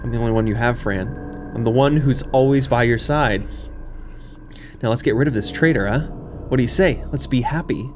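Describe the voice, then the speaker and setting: A man voicing a sinister dark double in a game, speaking in a low, wheedling, menacing voice. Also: moderate pace, a little hiss or hum, close to an everyday voice. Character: sinister dark double of the girl, coaxing and cruel.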